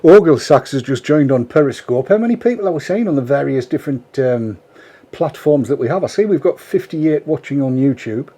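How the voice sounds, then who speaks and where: A man's voice: mid-range voice, animated, brisk, mellow. A man hosting a casual live stream, chatty and teasing as he brings in his guests. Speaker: host.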